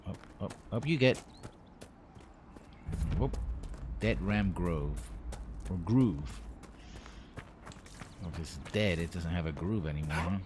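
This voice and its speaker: Low-voiced man rambling over gameplay. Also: slow, pauses often, noisy background. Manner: rambling, jokey self-talk with puns. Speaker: streamer. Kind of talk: live gameplay commentary.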